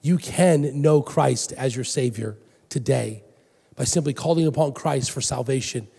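Animated preacher with gravelly voice. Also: male voice, medium pitch, a little slow. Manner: animated, swings from loud emphatic to soft and hushed. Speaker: pastor. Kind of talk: sermon. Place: church sanctuary. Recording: long hall reverb.

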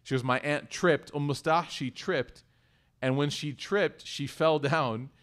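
A man telling a religious story to a congregation, animated, swinging between loud emphasis and hushed asides. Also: a little high, a little slow. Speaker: community religious speaker.

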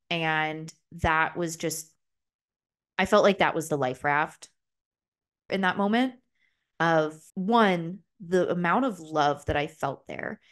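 A young adult woman hosting a podcast in a casual, candid solo chat, full of "like" fillers and the occasional swear word. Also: lowish voice. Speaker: podcast host.

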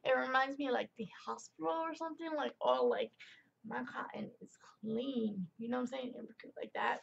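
A woman's voice: high-pitched, brisk, creaky, lo-fi sound, a little hiss or hum. A young woman rambling through a casual product review vlog in a chatty way, full of fillers and tangents.

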